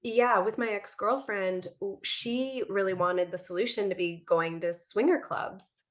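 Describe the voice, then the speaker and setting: A woman in relaxed conversation, her voice in the middle of the range for women. She tells her stories with animation and laughs easily between thoughts. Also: mid-range voice, unhurried. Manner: animated storyteller, laughs often. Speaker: podcast guest. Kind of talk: casual conversation.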